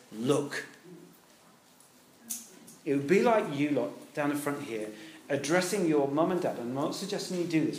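A man preaching a sermon to a congregation, animated, acting out the quoted voices and putting questions to his listeners. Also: high voice. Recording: echoey hall.

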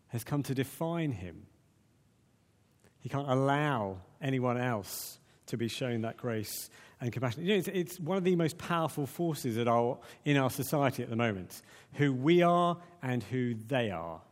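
A man preaching a sermon in a conversational, animated way, with many restarts. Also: medium pitch. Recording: long reverb of a large hall.

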